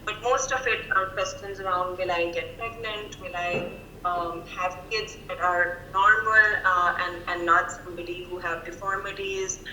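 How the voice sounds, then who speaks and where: A woman clinical psychologist speaking over a video call, thoughtful and measured, with frequent fillers. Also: on the low side, steady tone, sharp tone, echoey room, slight background noise, rough recording. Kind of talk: professional video-call interview.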